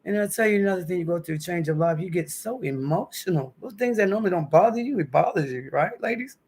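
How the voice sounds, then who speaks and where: A woman's voice: fairly low pitch, expressive, quick pace, darkish tone, husky. A woman in her fifties hosting a casual home livestream, chatty and emotional, calling her viewers honey and baby. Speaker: livestream host. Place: at home indoors.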